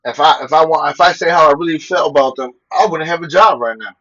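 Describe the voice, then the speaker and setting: A man's voice: fairly high pitch, fast talker, a bit bright. Laid-back cursing man, lo-fi sound. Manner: laid-back and profane, laughing between points. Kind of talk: casual monologue mixing stories and scripture.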